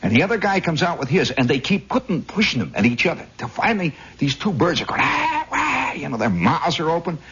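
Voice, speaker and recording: A slightly high-voiced man from Indiana talks fast and hardly pauses as he hosts radio in the 1960s, the recording sounding dull. His story rambles, told with the animation of a husky raconteur.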